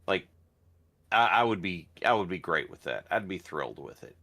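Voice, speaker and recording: A man's voice: deep voice, animated, normal speed, pushed and bright. A man co-hosting a podcast, talking emphatically and with exasperation in casual chat. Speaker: podcast co-host.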